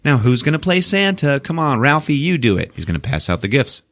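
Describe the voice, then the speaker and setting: A man's voice: medium pitch, sing-song, brisk, a bit bright, no echo, studio quality, voice pushed up. Man doing a cheerful dad, coaxing, a little raised, upbeat. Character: cheerful fatherly dad, middle-aged man.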